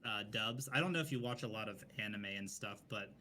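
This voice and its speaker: A man co-hosting a gaming podcast, explaining in a calm way. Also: fairly low pitch, a little fast, slight background noise. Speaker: podcast co-host. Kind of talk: casual gaming podcast chat.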